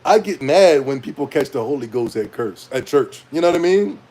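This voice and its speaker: A young man in a casual rant to camera as a gaming commentator, animated and rambling, with slang and frequent laughs. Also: mid-range voice, brisk.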